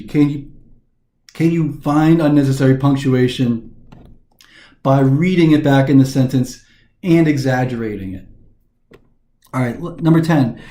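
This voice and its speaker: A man's voice: a little high, warm tone, echoey room. A man teaching a recorded prep lesson, explaining answers step by step with frequent restarts. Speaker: test prep instructor.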